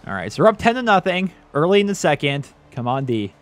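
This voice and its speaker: A man giving excited, chatty commentary over his own football video game, laughing and talking straight to his viewers. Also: fairly high pitch, quick pace. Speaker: gaming YouTuber.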